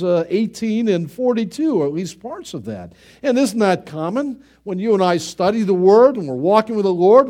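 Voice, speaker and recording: Animated male pastor preaching. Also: high voice. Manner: animated preaching, acting out quoted voices. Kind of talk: sermon.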